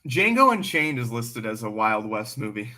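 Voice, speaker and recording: Male livestream host, bright forceful tone, blunt and animated, swears freely, casual off-the-cuff chat. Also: mid-range voice, moderate pace.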